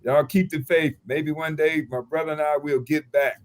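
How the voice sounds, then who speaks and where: A man, a high school football coach guest, giving short plain answers on a sports show. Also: steady tone, moderate pace, slight background noise. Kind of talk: casual sports chat.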